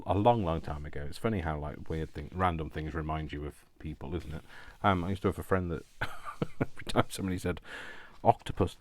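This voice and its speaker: A man's voice: low-pitched, a little hiss or hum. A man chatting casually while he crafts at home, rambling and self-deprecating and laughing often. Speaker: crafting YouTuber.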